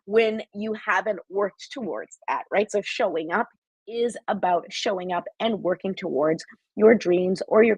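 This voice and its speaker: A woman's voice: on the low side, breathy edge, no echo, low-quality recording. A woman hosting a live-streamed motivational talk as a life coach, chatty and encouraging as she talks straight to her viewers.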